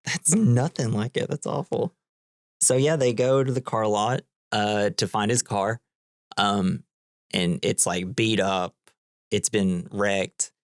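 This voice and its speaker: A man's voice: fairly low pitch, slow, no room sound. Co-host, male, easygoing rambler recapping scenes, dry close-mic sound. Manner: rambling retelling, full of "like" and "it's like". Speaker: podcast co-host. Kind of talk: casual movie-recap chat.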